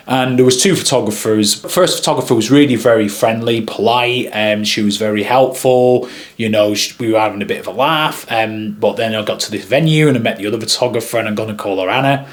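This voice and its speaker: A man who works as a wedding videographer, telling a story to camera in a chatty, rambling way with frequent pauses. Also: lowish voice.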